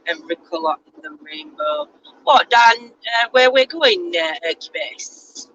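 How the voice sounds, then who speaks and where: A woman chats through a road trip from inside a moving car, joking at her own expense. Her voice sits high and swings widely, with a bright, forward tone. A faint hum of road noise runs underneath. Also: big pitch swings, measured pace, lo-fi sound. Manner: chatty, self-mocking. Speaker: vlogger. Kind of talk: casual chat.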